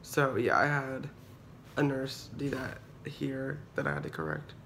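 A young man with a gravelly, fry-heavy voice vents on a casual phone vlog from a hospital room, dramatic and full of "like"s and swearing. His pitch sits mid-range, and a faint hum of the room sits behind him. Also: big pitch swings, a little slow, fairly bright tone. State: unwell patient awaiting kidney surgery. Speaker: vlogger.

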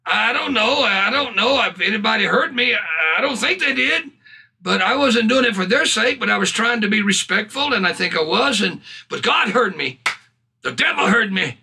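High, gravelly-voiced male preacher. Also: lively intonation, moderate pace, bright, forceful tone. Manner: fervent, punctuated with hallelujahs and bursts of laughter. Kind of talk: sermon.

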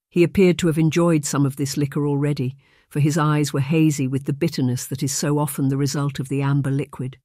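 An audiobook narrator reading a historical romance in steady, measured scripted narration. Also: mid-range voice, no room sound, studio quality.

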